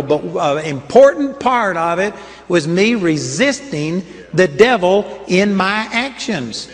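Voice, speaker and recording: An older man preaching a sermon, telling personal stories in an earnest, emphatic way. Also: high voice. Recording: long hall reverb.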